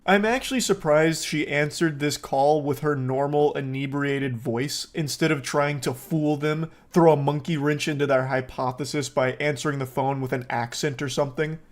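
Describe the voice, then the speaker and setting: A man's voice: a little high, steady tone, normal speed, hardly any pauses. A man giving sarcastic, joking reaction commentary, swearing now and then.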